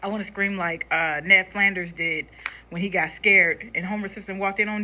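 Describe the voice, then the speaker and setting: A young woman casually chatting to her viewers while doing her makeup, going quieter as she concentrates. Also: medium pitch, steady tone, normal speed, a little hiss or hum. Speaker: makeup vlogger. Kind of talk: casual makeup tutorial chat.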